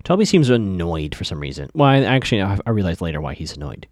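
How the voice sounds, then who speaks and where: A man's voice: deep voice, very animated, quick pace, dry recording, studio quality. Chatty man recapping a TV episode. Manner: chatty, with frequent fillers and stammered restarts; asides to the listeners.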